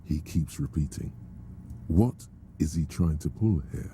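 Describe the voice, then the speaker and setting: A man voicing a very deep, sardonic inner voice. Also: a little slow, warm tone, slight background noise. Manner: dry, sardonic narration. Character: mocking inner-voice narrator of a detective game.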